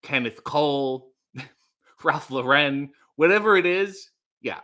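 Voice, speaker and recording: Casual male streamer, young, bright slightly high voice, rambling and sarcastic while reading chat. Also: expressive, slow. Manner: playful, rambling, sarcastic asides. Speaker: livestream host.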